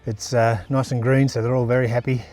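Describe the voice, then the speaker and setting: A man's voice: medium pitch, little pitch movement, brisk, darkish tone, soft background music. An Australian man vlogging casually on a riverside trail, chatting in an easygoing, rambling way with lots of fillers while he walks. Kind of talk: casual outdoor vlog chat.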